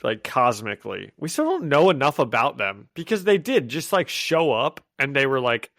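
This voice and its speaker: A man's voice: mid-range voice, sing-song, a bit bright. A man chatting on a podcast, rambling through his stories with plenty of "like" fillers. His voice sits in the middle of the range. The mic is close and dry, with no echo. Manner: rambling with many "like" fillers, quick to laugh. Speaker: podcast co-host. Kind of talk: casual chat.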